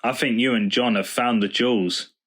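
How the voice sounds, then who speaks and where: A gentle, thoughtful father who speaks in a patient, explaining way, read by a male storyteller. He sounds calm and fond, with a lift of brightness. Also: mid-range voice, normal speed, close to an everyday voice. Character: kind, patient father and vicar. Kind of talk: storybook reading.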